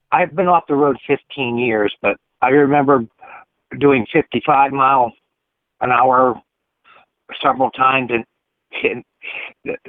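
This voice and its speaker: A man's voice: mid-range voice, dry recording. Hesitant male caller on a phone line. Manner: hesitant, measured, many pauses. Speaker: caller, former truck driver. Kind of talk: phone-in conversation.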